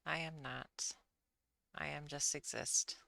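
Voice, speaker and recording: A woman's voice: low voice, fairly even intonation, slow pace, gravelly, pushed and bright, no echo. A woman chatting casually on a livestream, rambling and self-deprecating, often apologizing. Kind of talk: casual rambling stream chat.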